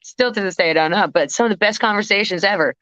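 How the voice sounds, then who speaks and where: A fast-talking woman with a medium-pitched, fairly bright voice appears as a guest vocalist on a podcast. She rambles through stories in casual conversation, often interrupting herself, on a dry, slightly muffled recording with no room sound.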